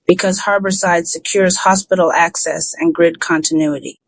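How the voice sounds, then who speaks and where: A storyteller voicing a composed, evasive woman official who answers in a calm, measured way, in a dry, close recording of an audiobook. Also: medium pitch, creaky, low-quality recording. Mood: firm.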